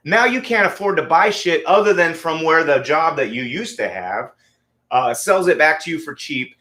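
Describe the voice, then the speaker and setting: A man's voice: on the high side, a bit bright. A man in his forties hosting a podcast, ranting casually and heatedly with lots of swearing. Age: 40s. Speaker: podcast host. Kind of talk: casual rant.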